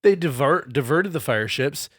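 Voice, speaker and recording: A man's voice: mid-range voice, lively intonation, moderate pace, no room sound, clean studio sound. Profane laughing man telling history. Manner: loose, profane, laughing storyteller. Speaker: podcast co-host telling the history. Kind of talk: casual comedic history podcast chat.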